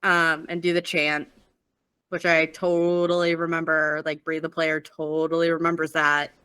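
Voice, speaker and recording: A woman in a tabletop game talks slowly in a bright, clear voice. She is giggly and teases the table in a playful way. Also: deep voice, flat delivery. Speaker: player. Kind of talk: casual chat in a tabletop game.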